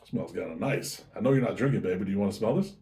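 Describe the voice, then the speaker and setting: A man's voice: lowish voice, lively intonation, quick pace, mellow. A man hosting his own whiskey review show, chatting casually and easygoing as he tastes and describes a drink. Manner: chatty, easygoing, self-correcting.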